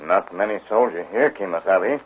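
A man's voice: animated, slightly rough. An actor playing a terse male frontier companion who speaks in clipped broken phrases, in an old radio drama. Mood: calm. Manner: clipped broken speech, slow and low. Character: terse Native American male companion on horseback. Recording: tinny old radio broadcast.

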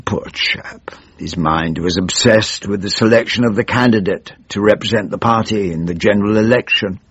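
An older man with a husky drawl, playing a weary, pompous member of parliament in a radio comedy monologue. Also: fairly low pitch, normal speed, fairly bright tone, no room sound. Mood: weary grumbling. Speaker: weary elderly backbench politician narrating his woes. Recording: muffled dry radio recording.

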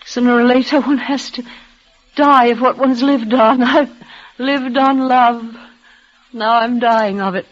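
A woman's voice: fairly high pitch, steady tone, lightly acted. A woman playing Marguerite, a tremulous dying young woman. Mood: desperate. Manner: breathless, tremulous, halting. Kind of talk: vintage radio drama acting. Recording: dull old radio recording.

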